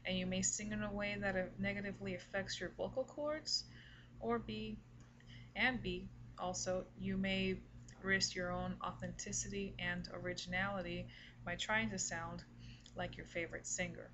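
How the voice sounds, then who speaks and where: A woman giving a casual singing lesson, explaining tips slowly and deliberately, breaking off to demonstrate with her voice. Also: medium pitch, steady tone, fairly bright tone, highs cut off, a little hiss or hum. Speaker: singing teacher.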